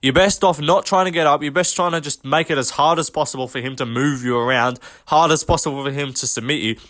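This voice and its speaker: A man's voice: on the high side, steady tone, quick pace, a bit bright. A young man giving a casual, sweary MMA reaction with lots of fillers. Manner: loose, sweary banter with frequent fillers. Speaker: MMA commentator.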